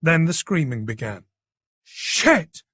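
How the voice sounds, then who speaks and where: A man's voice: on the high side, lively intonation, slow, gravelly, fairly bright tone, slightly rough, no room sound, clean studio sound. A man narrating a thriller audiobook in a dramatic, tense manner.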